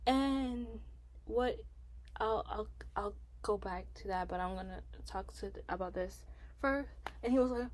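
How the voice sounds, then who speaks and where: A woman giving casual commentary on a reality show, rambling and animated, with frequent restarts and fillers and rising emphasis when indignant. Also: medium pitch, measured pace, a little hiss or hum. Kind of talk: casual opinion vlog.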